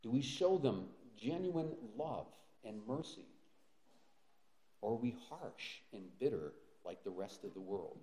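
A man's voice: medium pitch, big pitch swings, unhurried, dark tone. A male pastor preaching a sermon, earnest, with rhetorical questions and frequent fillers and restarts. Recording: roomy echo.

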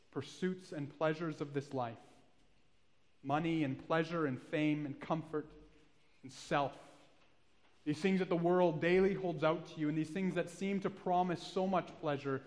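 A man preaching a sermon, earnest and pleading, rising to loud climaxes. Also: a little high. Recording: long reverb of a hall.

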